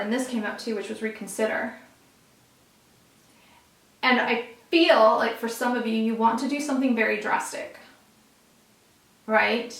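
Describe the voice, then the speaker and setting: A woman's voice: fairly high pitch, creaky, far from the mic. A woman giving a casual tarot reading to her viewers, earnest and emphatic, speaking straight to them. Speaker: tarot reader. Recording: roomy echo, a bit off-mic.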